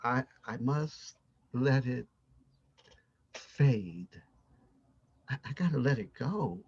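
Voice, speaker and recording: An actor playing a haunted, reclusive older husband who talks in a halting, stammering, brooding way. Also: male voice, medium pitch, animated, breathy edge, highs cut off, exaggerated voice. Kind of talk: amateur audio drama.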